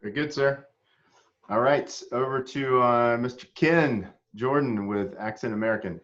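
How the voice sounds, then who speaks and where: A man moderating a panel, handing over to speakers in a brisk, friendly way. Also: mid-range voice, a bit bright. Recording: dull lo-fi call audio.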